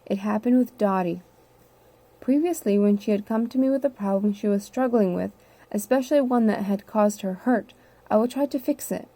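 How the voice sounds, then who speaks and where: A woman reading a nonfiction book aloud in a steady, measured, earnest way. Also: mid-range voice. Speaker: audiobook reader. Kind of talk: nonfiction audiobook narration.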